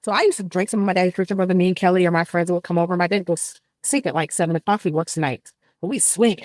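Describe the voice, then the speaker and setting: A woman's voice: on the low side, very fast, darkish tone, no room sound, studio quality. A woman in her forties, a podcast guest, telling blunt stories in loose slang. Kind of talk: casual podcast chat.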